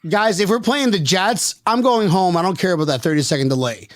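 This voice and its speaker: A man hosting a casual sports podcast from home, rowdy and joking as he tells loud stories. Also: high-pitched, fairly quick, dry recording, studio quality. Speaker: podcast host. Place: home, living in South Florida.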